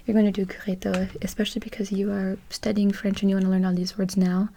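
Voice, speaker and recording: A woman in a whispered role-play as a French tutor. She mixes soft whispers with quiet speech, switches between English and French, and slowly repeats each word. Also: medium pitch, level tone.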